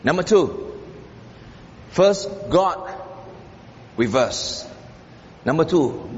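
A male pastor preaches with a high, lively voice that climbs on stressed phrases and drops to a murmur. He repeats key lines for emphasis. The sound is dull and carries a long hall echo over faint noise. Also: extremely slow, pauses often. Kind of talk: sermon.

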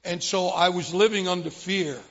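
A man's voice: high-pitched, steady tone, normal speed, a bit bright. An older man giving a dramatic personal testimony in a church hall, a vivid storyteller who acts out scenes and often restarts his sentences. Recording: muffled recording with long hall reverb.

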